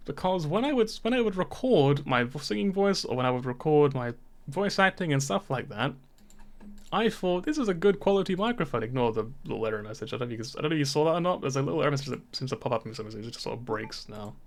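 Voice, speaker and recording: A man's voice: mid-range voice, animated, fast. A man streaming a game, chatting casually into a dynamic microphone, rambling and swearing often as he laughs through his stories.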